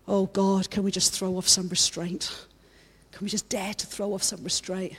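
A woman's voice: medium pitch, flat delivery, moderate pace, husky. A woman preaching a sermon in church, fervent and repeating her phrases as she builds.

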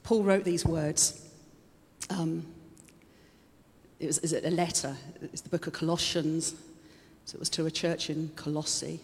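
A woman's voice: low voice, fairly even intonation, measured pace, a little mellow. A woman giving a chatty, conversational sermon, openly emotional and laughing often. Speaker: preacher. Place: church hall. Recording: long hall reverb.

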